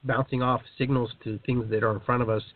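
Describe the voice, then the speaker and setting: A man's voice: medium pitch, little pitch movement, fast, no echo. A man hosting a casual spiritual discussion, musing aloud and often repeating words while he thinks. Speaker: host. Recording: tinny phone-like line, faint hiss.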